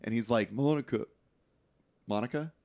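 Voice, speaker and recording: A man tells a movie's story to his co-host, his pitch swinging widely as he acts out the characters. He swears casually. The talk is loose and conversational. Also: big pitch swings, normal speed. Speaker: podcast co-host. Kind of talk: casual movie recap chat.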